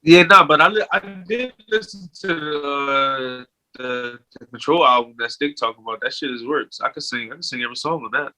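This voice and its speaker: A man's voice: mid-range voice, a little fast, bright, forceful tone, poor audio. A man co-hosting a podcast, talking in a laid-back, slangy way and repeating phrases in casual chat. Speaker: podcast co-host.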